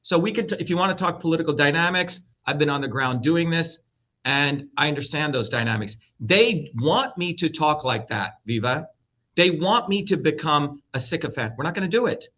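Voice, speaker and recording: Blunt, combative man, bright and lo-fi. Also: fairly high pitch, expressive, moderate pace. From India. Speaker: guest, presidential candidate. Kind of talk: heated interview talk. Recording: dull lo-fi audio.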